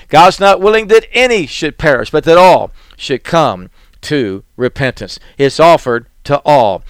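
A man's voice: on the high side, expressive, a little slow, smooth, no room sound, studio quality. A man preaching a sermon, reading scripture passages and pressing the point with repeated rhetorical questions. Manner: reads King James scripture aloud, then expounds with rhetorical questions.

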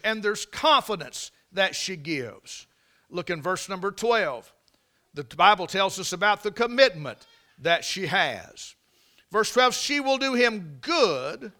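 Pastor, male, high bright voice, repetitive emphatic preaching style. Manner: preaching with repeated words, drawn-out emphasis and rhetorical questions. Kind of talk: sermon.

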